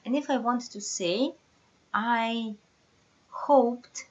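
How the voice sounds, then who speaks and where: A woman's voice: mid-range voice, a bit bright, muffled recording. A woman teaching a beginners' language lesson, explaining step by step and quizzing her students with questions. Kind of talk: casual online lesson.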